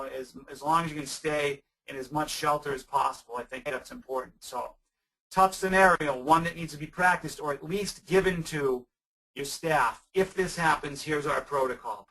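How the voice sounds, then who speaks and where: A man's voice: medium pitch, sharp tone, recorded from a distance, poor audio. A man presenting a webinar on weather safety for camps, answering audience questions in a conversational, emphatic way with frequent restarts.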